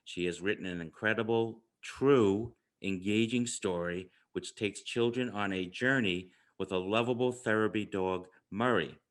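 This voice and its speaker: A man's voice: fairly low pitch, measured pace, few pauses. A middle-aged man with a New York accent hosting an interview podcast, speaking with upbeat emphasis. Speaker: podcast host.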